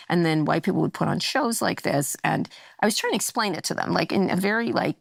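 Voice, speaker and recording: A woman's voice: fairly low pitch, fairly quick, gravelly, few pauses, dry recording, clean studio sound. A middle-aged woman, a guest on a talk show, chatting casually and acting out the people in her stories. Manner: animated storytelling, acts out quoted dialogue. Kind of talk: casual chat.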